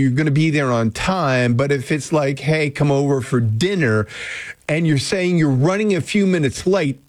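A man's voice: mid-range voice, no echo. A man from Canada hosting a casual radio show from a studio, talking in a rambling, jokey way. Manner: chatty, rambling, jokey asides. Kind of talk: casual morning radio chat. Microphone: close studio mic.

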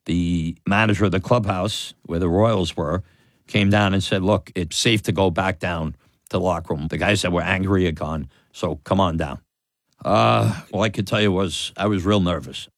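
A man telling a lively personal story, laughing and acting out the voices of others. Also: low voice, moderate pace, dry recording, studio quality. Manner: animated, laughing, acts out quoted voices. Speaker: storyteller guest. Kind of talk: personal story told in an interview.

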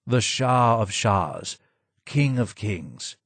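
A man voicing a broken, maimed older man who was once a royal advisor, speaking low and hoarse, slow and subdued with a sad tone. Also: no echo. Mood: sad, grim.

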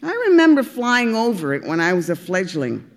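A woman voicing an elderly, wise duck in an audiobook, recalling the past slowly. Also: lowish voice, very animated, big-room sound. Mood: reminiscing. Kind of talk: audiobook reading.

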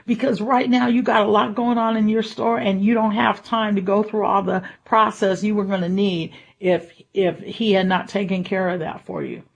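A woman giving a conversational devotional sermon, chuckling as she tells a personal story and acts out her own thoughts. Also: high-pitched. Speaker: preacher.

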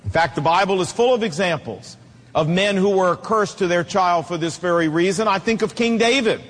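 A man's voice: high voice, moderate pace, a bit bright, big-room sound. A middle-aged man preaching a sermon, emphatic and telling stories with acted quotes.

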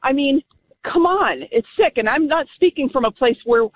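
A woman calling in to a radio show, speaking firmly and with deep conviction. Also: expressive, moderate pace. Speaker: caller. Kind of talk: call-in talk radio. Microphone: telephone. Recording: tinny phone line.

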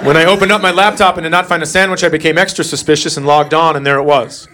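A middle-aged man tells a stand-up story in a dry, deadpan delivery, his voice sitting a little high for a man. The recording carries a clear layer of noise behind him. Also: fast. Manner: deadpan, acts out his son's voice. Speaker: stand-up comedian.

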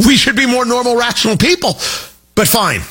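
A middle-aged man hosting a talk radio show, animated and jokey, wandering off on tangents. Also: extremely high pitch, moderate pace, husky, soft background music. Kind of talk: opinionated talk radio monologue.

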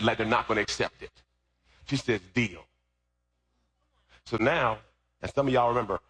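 A man preaching a sermon as pastor, shifting from easy storytelling into loud, shouted preaching. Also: on the low side, husky.

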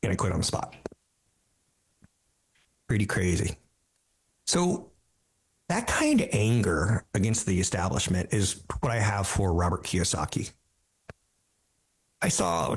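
A man in his fifties hosting a talk radio show, telling animated stories and mocking other people's voices. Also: low-pitched, a little slow, pauses often, husky. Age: 50s. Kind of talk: casual talk radio monologue.

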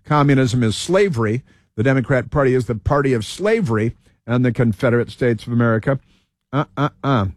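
A man's voice: medium pitch, no echo, clean studio sound. Rambling heated male talk host. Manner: halting, many fillers and restarts, heated. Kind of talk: rambling political monologue.

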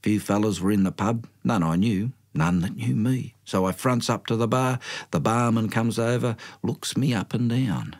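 A man's voice: fairly low pitch, moderate pace, vocal fry. An older man with an Australian accent tells a story from his youth in a colloquial, self-mocking way. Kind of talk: spoken storytelling.

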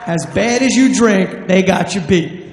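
A man's voice: sits high, measured pace, slight background noise. A man from New Jersey doing a brash, profane stand-up routine. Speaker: stand-up comedian. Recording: live club, echoey hall.

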